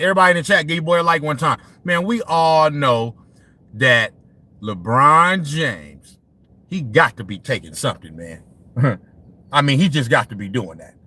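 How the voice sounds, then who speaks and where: A man hosts a casual sports livestream in a slightly high voice that swings widely up and down. He swears freely, laughs often and speaks straight to his chat. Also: pushed and bright. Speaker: sports talk livestream host. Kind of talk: casual profane livestream rant.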